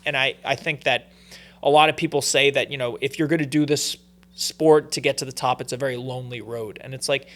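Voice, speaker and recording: A man, a pro fighter as a guest, telling stories in a relaxed podcast interview with plenty of fillers and restarts. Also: mid-range voice, brisk.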